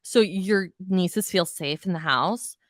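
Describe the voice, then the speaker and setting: A woman's voice: on the low side, slow pace, no echo, studio quality. A woman hosting a podcast, ranting bluntly and profanely in a casual recap of reality TV. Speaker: podcast host.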